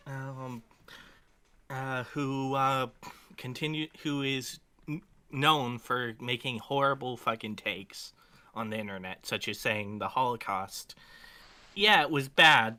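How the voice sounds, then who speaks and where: A man's voice: medium pitch, bright, forceful tone, smooth. A man co-hosting a casual commentary podcast, talking bluntly and crudely with lots of fillers and restarts. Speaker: podcast co-host.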